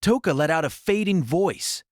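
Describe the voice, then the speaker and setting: A man narrating a light novel audiobook in an expressive storytelling manner. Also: on the high side, normal speed, no room sound, clean studio sound.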